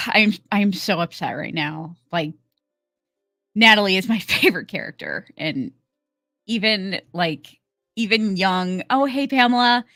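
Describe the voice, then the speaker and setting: A woman's voice: medium pitch, expressive, a little slow, fairly bright tone, dry recording, studio quality, faint music behind. A woman hosting a casual live stream, chatting to viewers and greeting them by name with lots of fillers. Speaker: livestream host.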